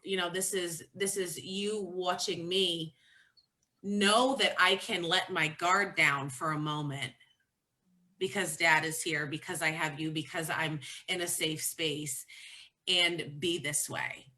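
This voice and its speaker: A woman's voice: lowish voice, steady tone, takes it slowly, sharp tone. A pregnant woman talking candidly and from the heart as the featured guest in a casual chat about motherhood.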